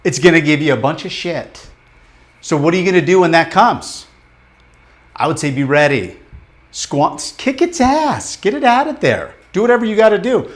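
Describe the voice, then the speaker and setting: A man coaching a live group in a motivational workshop, talking bluntly and emphatically, with casual swearing and rapid questions to the room. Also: on the high side, sing-song. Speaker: business coach leading a training.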